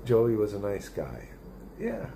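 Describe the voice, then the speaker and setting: A man's voice: on the low side, huge pitch swings, slow pace, creaky, dark tone, slight background noise. A middle-aged man live streaming, rambling and swearing in casual chat as he reads viewer comments aloud. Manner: rambling and profane, with many restarts.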